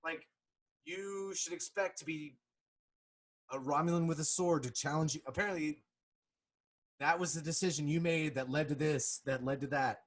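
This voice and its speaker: A man's voice: on the high side, normal speed, pauses often. Swearing, sarcastic male film critic. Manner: sarcastic, swearing, swings between mutters and outbursts. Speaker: commentator. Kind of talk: profane reaction commentary.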